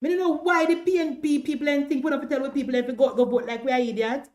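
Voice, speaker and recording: A woman's voice: high voice, steady tone, fast talker, a little mellow. A woman speaking in Jamaican Patois, hosting a casual political livestream, defiant and repetitive as she addresses her viewers.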